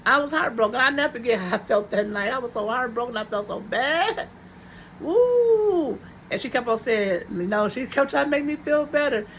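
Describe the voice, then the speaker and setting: A woman's voice: on the high side, fairly quick, few pauses, fairly bright tone, dull audio, a little hiss or hum. A woman vlogger telling viewers a personal story in a casual, chatty way, repeating her phrases for emphasis.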